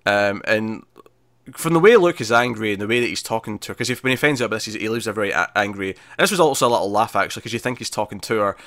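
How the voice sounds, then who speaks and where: A man hosting a podcast, retelling a TV episode in casual chat, animated and laughing, with many fillers and restarts. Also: on the low side, racing, no echo, studio quality. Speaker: podcast host reviewing a TV episode.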